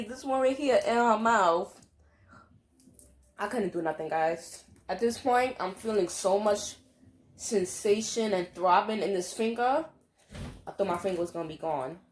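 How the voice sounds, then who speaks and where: A young woman, telling a story to camera in an animated, profane, slang-heavy way. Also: mid-range voice. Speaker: vlogger. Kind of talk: storytime monologue.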